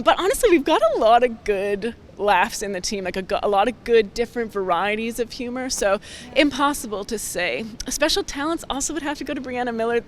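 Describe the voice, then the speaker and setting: A woman's voice: on the high side, a little hiss or hum. A young woman, a rugby player chatting casually in an interview, upbeat and full of "like" fillers. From Canada.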